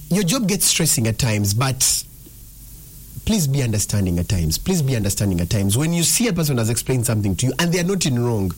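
A young man hosts a radio drive show from the studio. His voice is a little husky, and he talks in an animated, storytelling way with lively rises and falls. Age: young adult. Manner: chatty storytelling, animated pitch swings. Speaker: radio drive-time host. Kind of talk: casual radio talk.

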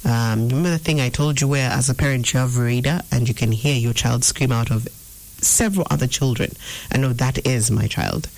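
A preacher answers a viewer question in an informal, earnest sermon, repeating phrases for emphasis and acting out inner voices in quotes. His voice is mid-range, fairly quick, creaky and a little mellow, and the recording is rough.

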